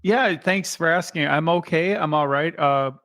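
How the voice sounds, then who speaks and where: Chatty, upbeat podcast co-host, higher voice. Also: male voice, normal speed, fairly bright tone, no room sound. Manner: chatty and enthusiastic, joking. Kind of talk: casual chat.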